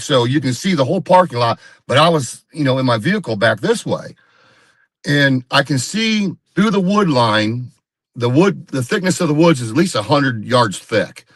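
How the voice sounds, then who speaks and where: Speaking with a medium-pitched, fairly bright voice and no room sound, a man joins a live video call as a guest Bigfoot researcher. He meanders through a casual story, says things more than once, and performs the quoted dialogue of others.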